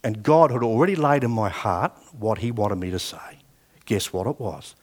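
This sermon comes from a man in his sixties with an Australian accent and a fairly low voice at normal speed. He tells personal stories in a conversational style, voicing the old conversations himself.

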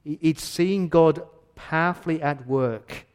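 A man's voice: fairly high pitch, measured pace, smooth. A male pastor preaching an earnest, emphatic sermon in a church, often repeating words as he builds his point.

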